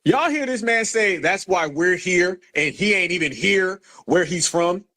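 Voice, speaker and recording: A man's voice: high-pitched, expressive. An American man hosting a livestream, taunting and mocking a guest in a heated argument. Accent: American English. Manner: mocking, taunting, loud and rapid insults. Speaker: livestream host.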